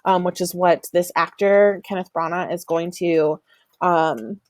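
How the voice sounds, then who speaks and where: A woman's voice: on the low side, steady tone, a little slow, a little mellow, dry recording. A woman teacher giving a recorded online lesson, explaining patiently with many "um" fillers and sounding out stress patterns. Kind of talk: recorded online class lecture.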